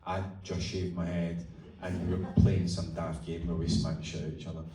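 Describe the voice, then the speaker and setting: An actor telling chatty, swearing, laughing stories at a festival talk, heard from the audience. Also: male voice, low voice, little pitch movement, fairly quick, a crowd in the background. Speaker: actor guest. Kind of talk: onstage festival interview. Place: festival event hall. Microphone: audience phone far from stage. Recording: echoey hall recorded from far off in audience.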